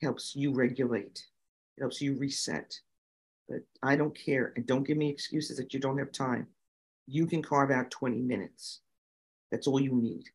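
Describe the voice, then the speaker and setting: A middle-aged woman, a guest on an interview show, telling lively stories with many fillers and giving emphatic advice. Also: extremely low pitch, moderate pace, husky. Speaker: guest, nonprofit founder and autism parent. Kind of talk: conversational storytelling interview.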